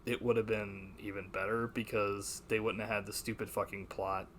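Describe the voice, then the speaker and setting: A man's voice: lowish voice, flat delivery, normal speed, a bit bright. A young man hosting a podcast, chatting casually about a movie, rambling, swearing and laughing as he quotes lines. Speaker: podcast host.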